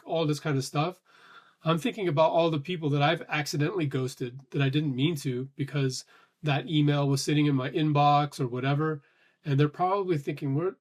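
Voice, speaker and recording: A man rambles casually through his thoughts in a somewhat high voice, restarting sentences and swearing now and then. His breath sounds a little short. He keeps an easy, confessional flow. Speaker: vlogger. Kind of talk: casual thinking-aloud monologue.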